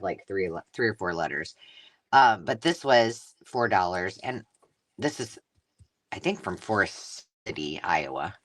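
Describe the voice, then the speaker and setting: A lively, sing-song craft host who talks in loose, rambling runs, breaking off mid-sentence and starting again. The pitch moves up and down a lot as the host chats on a live stream from a home craft space. A faint hiss sits under the voice. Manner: rambling, self-interrupting storyteller. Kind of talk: casual chatty live stream.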